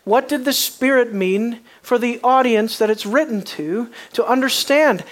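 A preacher delivering a sermon, moving from quiet, low passages to loud, emphatic peaks and asking the congregation many rhetorical questions. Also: measured pace.

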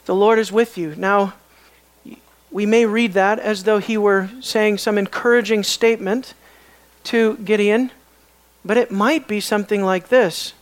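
A Bible teacher giving an expository lecture, often pausing to put questions to the students. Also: medium pitch, fairly even intonation. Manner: questioning, emphatic, pauses to ask the class.

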